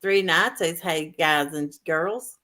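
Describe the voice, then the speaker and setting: A woman's voice: deep voice, takes it slowly, pushed and bright. Cheerful woman reading livestream chat. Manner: cheerful, laughing between comments. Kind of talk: reading viewer comments on a livestream.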